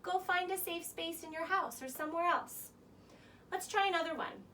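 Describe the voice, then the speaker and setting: A woman teaching young children through song and story, with a gentle, coaxing sing-song manner. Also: extremely high pitch, moderate pace, distant mic.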